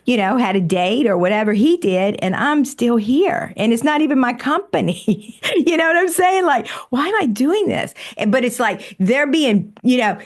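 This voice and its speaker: A woman coaching a guest, affirming him often and acting out inner voices in quick quoted asides. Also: on the high side. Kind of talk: live coaching session.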